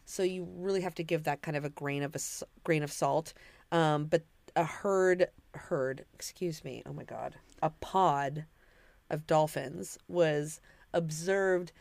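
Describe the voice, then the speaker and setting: A woman co-hosting a casual podcast, sharing animal facts in an animated way and tripping over hard words. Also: sits low, measured pace, gravelly, dry recording.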